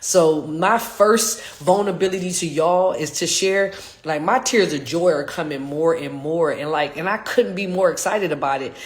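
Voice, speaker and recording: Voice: medium pitch, normal speed. Adult coach, casual live vlog, earnest, heartfelt, rambling, slangy, many restarts. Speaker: fitness and life coach.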